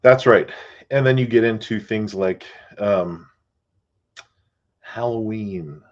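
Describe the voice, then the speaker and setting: A man hosting a podcast as a realtor, chatting casually and relaxed, with fillers and asides. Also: on the low side, slow pace, muffled recording. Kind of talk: casual chat.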